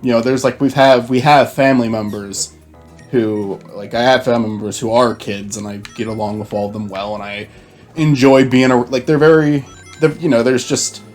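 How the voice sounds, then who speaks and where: A man's voice: medium pitch, fairly even intonation, normal speed, darkish tone, soft background music. A man hosting a casual gaming chat, rambling with many restarts. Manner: rambling, full of fillers and restarts. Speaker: host and gamer.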